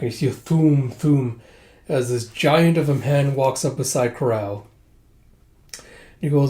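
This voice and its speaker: A man casually recapping a manga volume, narrating quickly and introducing each quoted line with "it's like". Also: medium pitch, warm tone. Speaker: manga reviewer. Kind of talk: casual manga read-through.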